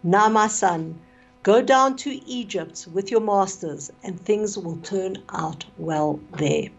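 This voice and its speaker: A woman voicing a dead mother speaking softly and soothingly from her grave, on a dull lo-fi radio recording. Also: medium pitch, slow, creaky. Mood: consoling. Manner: still, soothing.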